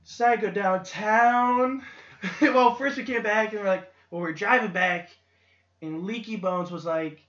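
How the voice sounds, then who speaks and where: Higher-voiced young man, chatty co-host. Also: unhurried, sharp tone. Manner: laughing, chatty recounting. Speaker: podcast co-host. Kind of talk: casual chat. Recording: lo-fi echoey room.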